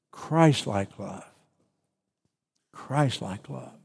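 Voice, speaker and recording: Slow-preaching man in a reverberant hall. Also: medium pitch, darkish tone. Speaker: pastor. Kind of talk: sermon.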